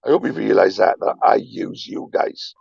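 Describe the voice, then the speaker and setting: A man's voice: lowish voice, normal speed, darkish tone. A man livestreaming, talking in a rambling, emphatic confessional way with frequent swearing and repetition. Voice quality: gravelly, husky. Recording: dull lo-fi stream audio.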